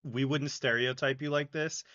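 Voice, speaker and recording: A man's voice: medium pitch, steady tone, normal speed, fairly bright tone. A man co-hosting a podcast in casual comedic chat, tossing out dry sarcastic quips. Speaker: podcast co-host. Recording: dull lo-fi mic.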